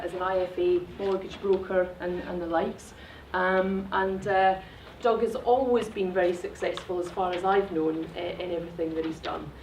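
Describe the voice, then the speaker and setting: A woman's voice: medium pitch, darkish tone, reverberant, distant mic, slight background noise, rough recording. A middle-aged woman hosting an event and introducing the speakers, hesitant and full of fillers, recorded from afar in a hotel function room. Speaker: event host.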